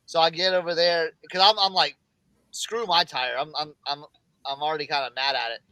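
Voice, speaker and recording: A middle-aged man hosting a casual reseller chat, telling a rambling, animated anecdote full of restarts. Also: on the high side, fast talker, clear, resonant tone, dry recording, low-quality recording. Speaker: reseller podcast host.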